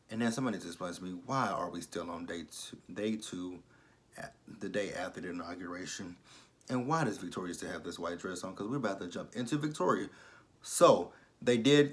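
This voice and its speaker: A young man recapping a TV drama episode in a casual, profane, animated way, acting out the characters' lines and laughing often. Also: on the low side. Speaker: TV episode reviewer.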